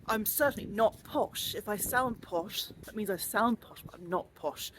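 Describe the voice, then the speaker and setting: This vlogger, a woman in her 40s with a southern English accent, talks in a mid-range, fairly bright voice at normal speed. Walking outdoors, she's chatty and a bit rambling, with a self-deprecating streak, and there's slight background noise.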